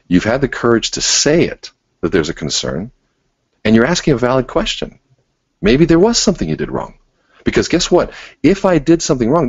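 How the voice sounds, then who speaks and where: Deep husky-voiced man coaching a webinar. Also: no echo, dull audio. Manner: coaching, acts out sample dialogues with strong inflection. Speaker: webinar presenter. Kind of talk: sales training webinar.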